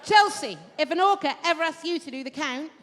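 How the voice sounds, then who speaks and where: A woman's voice: high voice, expressive, a little fast, fairly bright tone, slight background noise. Brash woman doing stand-up. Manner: brash, teasing banter with the audience. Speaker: stand-up comedian. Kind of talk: live stand-up with crowd work. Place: large live theatre venue. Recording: live hall reverb with audience. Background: audience laughter.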